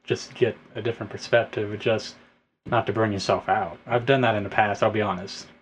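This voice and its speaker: A man with a fairly low voice, a musician guest on a podcast, speaking loosely and casually and leaning on "like". Faint background noise sits under his voice. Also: steady tone, fairly quick.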